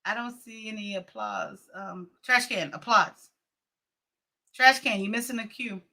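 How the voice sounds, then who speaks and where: A woman's voice: mid-range voice, measured pace, gravelly, bright, forceful tone. A woman hosting a casual livestream, chatting with viewers and laughing often. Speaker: livestream host.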